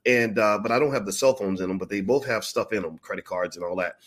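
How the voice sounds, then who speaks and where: A quick-talking man with a lowish voice shares a story on his vlog in a relaxed way. He performs the roles of the people he describes with plenty of energy.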